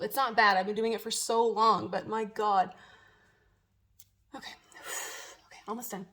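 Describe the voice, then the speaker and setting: A woman's voice: mid-range voice, fairly even intonation, moderate pace, long pauses, a bit bright. A young woman, a waxing professional, giving a casual tutorial in a chatty, nervous way, laughing often. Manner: drops to a whisper while waxing herself.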